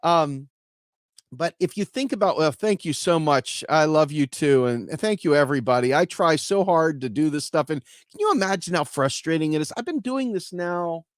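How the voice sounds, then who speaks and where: A man hosting a casual explainer talk, telling stories in an animated, conversational way. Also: a little high, moderate pace, dry recording, studio quality. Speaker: host.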